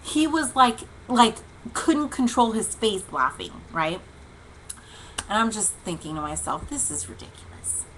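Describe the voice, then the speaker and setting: A woman hosting a livestream devotional, telling a long casual story in an animated, chatty way, with lots of "like" and "okay" and bursts of laughter. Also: medium pitch, a little slow, slight background noise, rough recording. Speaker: host. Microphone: livestream webcam mic.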